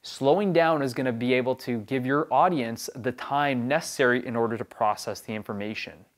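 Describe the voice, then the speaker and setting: A young adult man coaching viewers on speaking to camera. His mid-pitched voice stays upbeat and emphatic, pressing hard on key words as he gives his advice. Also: brisk. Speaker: video production host. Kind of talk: on-camera tips talk.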